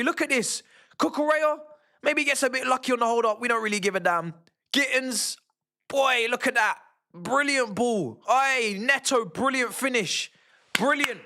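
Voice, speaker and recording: A young man, giving excitable and slangy live commentary as he watches a football match with his stream. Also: very high-pitched. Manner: excitable, slangy, shouting at goals. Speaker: fan streamer.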